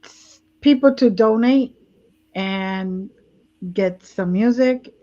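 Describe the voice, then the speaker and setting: A woman hosting a casual interview, warmly encouraging her guest with frequent affirmations. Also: a little high, expressive, takes it slowly, pauses often, muffled recording. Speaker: talk show host.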